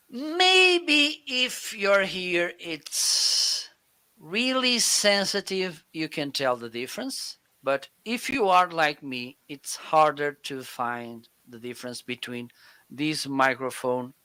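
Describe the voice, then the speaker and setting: Male co-host from Portugal, unhurried and crisp, chatty explainer who laughs often, home studio mic. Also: mid-range voice, pushed and bright. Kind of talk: live shopping stream chat. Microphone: studio microphone.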